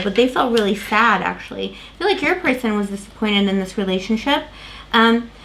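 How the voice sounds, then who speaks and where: A woman's voice: on the high side, a bit bright, slight background noise. A woman giving a tarot reading to camera, rambling with many fillers and restarts while losing her voice. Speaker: tarot reader.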